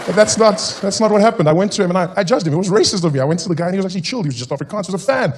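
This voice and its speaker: South African male comic on a stage mic, animated storyteller, high voice, faint hiss. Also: rapid-fire, some chatter behind. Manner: animated storytelling, acts out characters. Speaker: stand-up comedian. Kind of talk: stand-up comedy.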